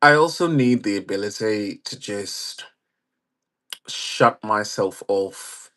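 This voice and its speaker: A man hosts a livestream, chatting casually and wryly, reading the chat aloud, reacting to viewer comments, and laughing. His voice is lowish and sharp in tone, with lively intonation and a slow pace.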